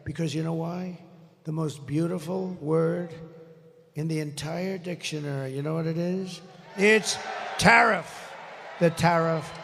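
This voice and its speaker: A man's voice: on the high side, steady tone, a little slow. A man in his seventies gives a rambling, off-the-cuff rally speech into a stage microphone, boasting and grumbling with occasional swearing. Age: 70s. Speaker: political rally speaker. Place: large rally venue. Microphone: stage microphone over PA. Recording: reverberant rally venue with faint ambience.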